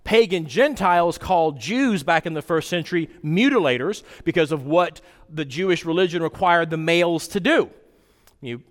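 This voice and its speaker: A man preaching a sermon as pastor, conversational and animated, with sudden jumps in pitch. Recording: long hall reverb.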